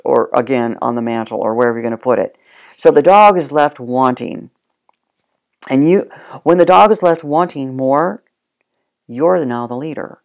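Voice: mid-range voice, vocal fry, a little mellow. Plain-spoken dog trainer explaining. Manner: plain-spoken, repeats and restarts, addresses the listener directly. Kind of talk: casual spoken instruction.

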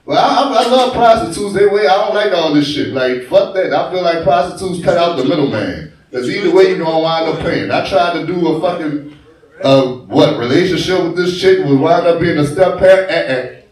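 A young man with a New Orleans accent doing a crude, swaggering stand-up set on a bar stage. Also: high-pitched. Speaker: stand-up comedian. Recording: echoey live bar recording, distant mic.

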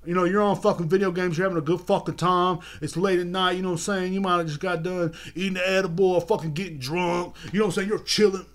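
A man's voice: high voice, steady tone, fast talker, hardly any pauses. Swearing, ranting male podcast host. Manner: heated, swearing, repeats himself. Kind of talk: profane rant. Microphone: video podcast mic.

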